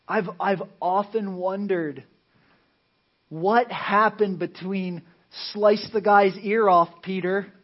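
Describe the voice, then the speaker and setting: A male pastor preaching a conversational sermon. He drops to a hush for emphasis and acts out Bible scenes in playful voices. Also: high-pitched, dull audio.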